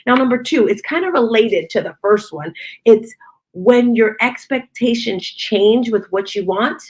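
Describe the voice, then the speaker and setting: A middle-aged woman giving a casual motivational talk, expressive and chatty, acting out conversations as she goes. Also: fairly high pitch, breathy edge. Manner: expressive, acts out quoted conversations. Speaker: motivational speaker and fitness studio owner.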